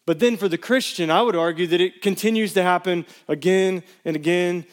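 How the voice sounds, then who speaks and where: A man in his thirties preaching a sermon to his church, telling personal stories in a casual, animated way. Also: high-pitched, brisk. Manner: storytelling, animated, casual slang. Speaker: pastor.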